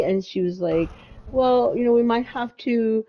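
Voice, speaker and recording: A woman's voice: on the high side, normal speed. Woman, podcast co-host, casual rambling storytelling, dull lo-fi audio. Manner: rambling, lots of fillers and restarts. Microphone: home mic with audio issues.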